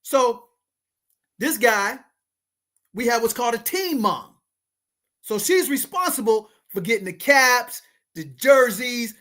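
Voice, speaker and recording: Animated storytelling man in his forties. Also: very high-pitched. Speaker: host. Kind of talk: casual storytelling.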